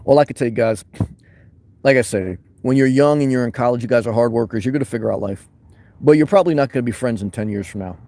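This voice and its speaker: A man at a middling pitch hosts a casual livestream, greeting viewers by name as he reads their comments. He talks loud and boisterous, then drops into a calmer tone, ranting freely. He is recording from inside his van. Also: fast, no echo. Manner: loud, boisterous, shifting between fired-up and calm. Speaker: livestream host reading chat.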